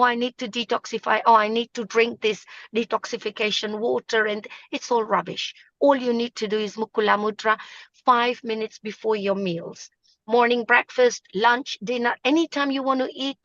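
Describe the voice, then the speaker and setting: A woman's voice: on the high side, a bit bright, dry recording, lo-fi sound. A woman teaching yoga mudras on a live video call, emphatic and repeating her points. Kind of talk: live online talk show.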